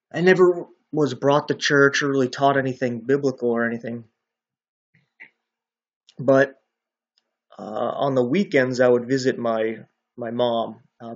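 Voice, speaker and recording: A male Bible teacher casually works through a scripture passage in a middle-pitched voice, speaking conversationally and often ending with "right?" to check in with his listener. The audio is slightly dull and lo-fi.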